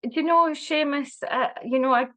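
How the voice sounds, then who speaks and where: A woman's voice: sits high, moderate pace, a bit bright. A woman, talking in a casual conversation in an earnest way with many fillers and restarts. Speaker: wellbeing guest.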